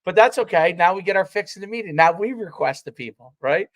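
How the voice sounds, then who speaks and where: A man's voice: high voice, expressive, fast talker. Rambling man with a raised voice. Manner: rambling, many fillers and restarts. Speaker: podcast co-host, former college football player. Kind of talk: casual podcast chat.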